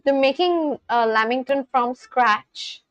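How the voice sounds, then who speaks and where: A young woman from India chatting casually on a livestream, reading out viewers' comments and reacting with gushing excitement. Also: high voice, takes it slowly, clean tone, no room sound, lo-fi sound. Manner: gushing, reads chat aloud and reacts.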